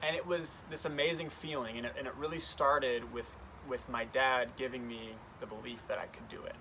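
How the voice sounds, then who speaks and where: A man's voice: mid-range voice, steady tone, fairly quick, bright, forceful tone, slight background noise. A young man speaking as a youth pastor, telling a story in an earnest, conversational way. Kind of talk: youth devotional talk.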